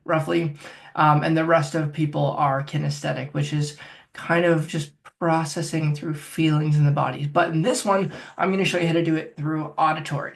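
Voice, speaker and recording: A man's voice: fairly high pitch, creaky. A man working as a phobia coach, talking the listener step by step through a guided self-help exercise. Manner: directive, coaching, talks viewer through steps.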